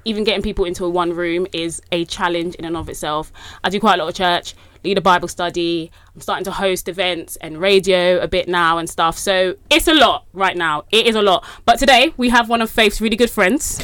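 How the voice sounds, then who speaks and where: A woman hosting a podcast, bubbly and quick to laugh in casual chat. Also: on the low side, a bit bright, no room sound. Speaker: podcast host.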